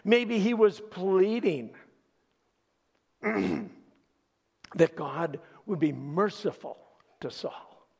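A male pastor preaching in an animated storytelling style. His delivery is slow and full of pauses. His voice is gravelly and husky, and it rises and falls widely in pitch. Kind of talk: sermon.

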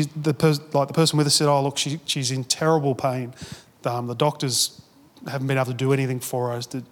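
A man's voice: on the high side, big-room sound. A man preaching a sermon as a pastor, telling stories in a casual, chatty way with restarts and quoted asides. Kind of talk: sermon storytelling.

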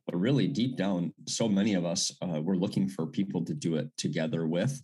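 A man's voice: low-pitched, fairly quick, warm tone, slightly rough. A man who is a pastor, talking casually in a conversation and rambling with many restarts.

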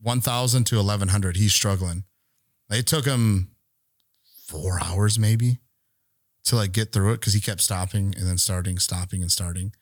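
A man's voice: fairly low pitch, moderate pace, no room sound, studio quality. A man on a podcast telling a long story in casual chat, rambling and swearing freely as he acts out what people said. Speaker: podcast co-host.

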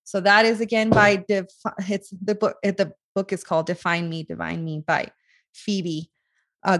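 A woman's voice: medium pitch, no room sound. A woman hosting a podcast over a video call, emotional and gushing, often close to tears as she thanks her guest. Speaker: podcast host. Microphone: video call audio.

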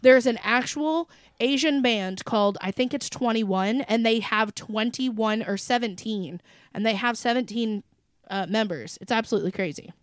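A woman's voice: a little high, moderate pace, no echo, studio quality. A woman co-hosting a podcast in casual chat, telling stories with energy and swearing freely. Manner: animated storytelling, swears freely. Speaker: podcast co-host.

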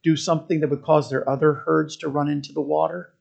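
A pastor preaching a sermon. The pastor tells the story in an animated way, often checking in with listeners and restarting phrases while thinking aloud. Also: mid-range voice, a little fast, vocal fry, lo-fi sound. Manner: animated storytelling, keeps asking listeners "right?".

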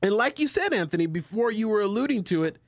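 A male podcast host in casual chat, animated and joking with his co-hosts as he reads out a listener letter. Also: high voice, fast, creaky, dry recording. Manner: animated, jokey banter with co-hosts.

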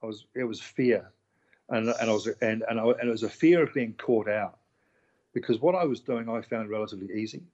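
The audio is dull, and his voice sits on the low side as he talks fairly quickly. A middle-aged chef and restaurant owner, he tells candid stories in a laid-back interview, acting out what people said and cursing every so often.

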